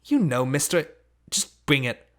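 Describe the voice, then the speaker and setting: A man voicing a defiant, sharp-tongued teenage runaway girl in an audiobook, bossy and scornful. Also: mid-range voice, very animated, unhurried. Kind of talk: audiobook character reading.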